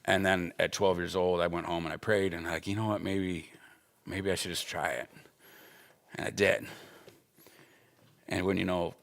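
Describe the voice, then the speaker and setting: Man, 40s, Bible school instructor: low gravelly voice, earnest and emphatic, conversational storytelling. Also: flat delivery, moderate pace, pauses often, fairly bright tone. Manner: earnest, emphatic, with personal stories. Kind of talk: conversational teaching talk.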